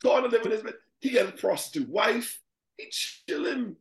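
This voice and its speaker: A man co-hosting a casual chat about a TV show, swearing freely, laughing, and jumping into high-pitched acted quotes. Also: sing-song, moderate pace, creaky, echoey room. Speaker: podcast co-host.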